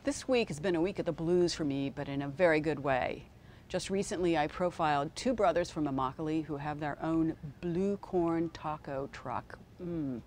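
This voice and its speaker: Woman, arts writer, relaxed, leisurely, faint background ambience. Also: low-pitched, normal speed, slight background noise.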